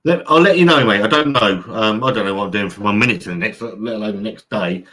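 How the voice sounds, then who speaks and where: Man, casual live stream host, rambling, sweary, fairly low voice. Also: quick pace, pushed and bright. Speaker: channel host. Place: home room by an open window.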